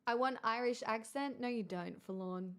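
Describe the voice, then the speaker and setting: A woman's voice: fairly high pitch, moderate pace. A woman hosting a casual livestream, chatting with viewers, thanking them in an exclamatory, wry way. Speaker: livestream host.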